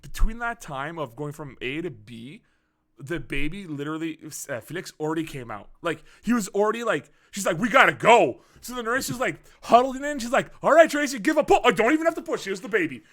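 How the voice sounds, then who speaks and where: Young male podcast host, bright and animated, swearing storyteller. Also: sits high, a little fast. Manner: animated, swearing storyteller who acts out quotes. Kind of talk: casual podcast chat.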